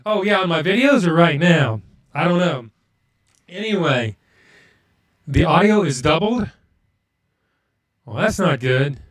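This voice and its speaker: A man's voice: a little high, lively intonation, measured pace, long pauses. A man hosting a live stream, chatting casually with viewers and muttering to himself while fixing his audio.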